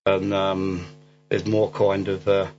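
With a deep, darkish voice and a completely flat delivery, a man slowly recaps a movie plot on his podcast in casual chat, though he rambles, laughs, and fills it with ums and restarts. The audio is dull lo-fi with faint music.

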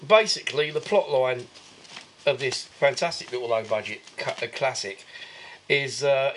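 A man's voice: mid-range voice, a bit bright. A man co-hosting a podcast, giving a rambling, filler-heavy recap of a film in casual chat. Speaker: podcast co-host.

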